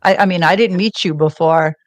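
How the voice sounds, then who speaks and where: A woman's voice: on the low side, a little fast, no echo. A woman guest in a casual chat over a video call, grateful and playful, with a little stammer at the start of her sentences.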